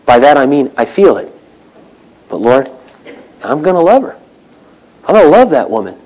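Middle-aged male pastor, sermon delivery, animated, drops to near-whispers. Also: medium pitch, moderate pace, rough recording. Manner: animated, swings from loud to hushed.

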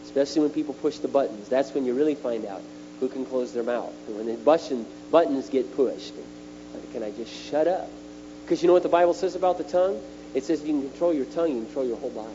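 A middle-aged man preaching a sermon at a retreat, animated and emphatic, his voice jumping up on key words. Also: medium pitch, fast. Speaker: speaker at a retreat. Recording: dull lo-fi recording with faint mains hum.

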